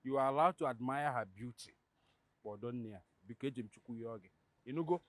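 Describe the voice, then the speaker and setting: A man's voice: medium pitch, a little fast, lightly acted. An actor playing a possessive man warning off a rival, mocking and menacing.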